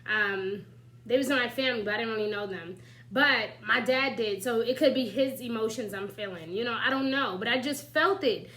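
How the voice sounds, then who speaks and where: Bright, high-voiced chatty woman reader. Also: normal speed, rough recording. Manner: chatty, animated, with frequent "you know" and "right?"; laughs lightly while talking. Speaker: astrology and tarot reader. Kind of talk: casual spiritual advice monologue.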